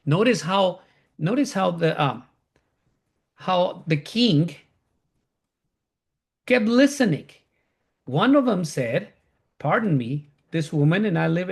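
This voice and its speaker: A man teaching a Bible class, repeating key phrases, often restarting and correcting himself as he explains. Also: high-pitched.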